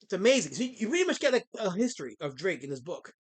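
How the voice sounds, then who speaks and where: A man's voice: high-pitched, very animated, very fast. A middle-aged man who creates comics, chatting casually on a live stream, rambling with many fillers and snapping back at his chat.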